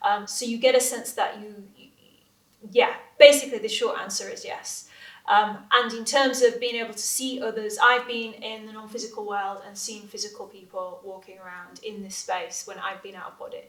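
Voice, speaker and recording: A woman being interviewed, telling her experiences in an earnest, animated way with hesitant restarts. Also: medium pitch, moderate pace. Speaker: interview guest, astral projection teacher. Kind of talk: conversational interview. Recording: echoey room, distant from mic.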